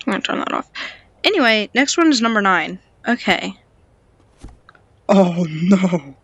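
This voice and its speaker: This game vlogger, a woman with a congested nose, chats playfully about the game she's playing at home, addressing the characters and occasionally whispering. Her voice sits high with big pitch swings, a fairly quick pace and a slightly bright quality. The recording is dry, made on a cheap home microphone.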